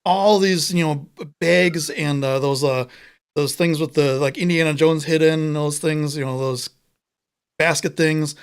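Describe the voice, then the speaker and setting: A man's voice: a little high, steady tone, a little slow, smooth. A man co-hosting a live talk show, telling a long joke in a rambling, casual way and searching for words. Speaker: podcast co-host.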